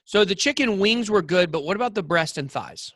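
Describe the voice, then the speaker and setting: A man's voice: high-pitched, animated, brisk, fairly bright tone, no room sound, studio quality. A man co-hosting a podcast, telling rambling, jokey stories with lots of fillers. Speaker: podcast co-host. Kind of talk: casual chat.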